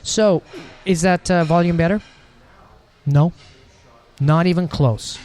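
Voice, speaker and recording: A man's voice: a little high, slow, a little mellow. A man with a slightly raised voice co-hosts a loose, casual podcast. He jokes and teases, and he rambles from one thought to the next. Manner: joking, rambling, teasing. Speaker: podcast co-host.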